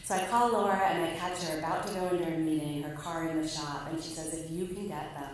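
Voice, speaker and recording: A woman's voice: fast talker, slight background noise. Woman telling a story in an echoey hall. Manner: wry, animated, acts out voices in a high tone. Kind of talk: live personal storytelling. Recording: echoey hall, mic at a distance.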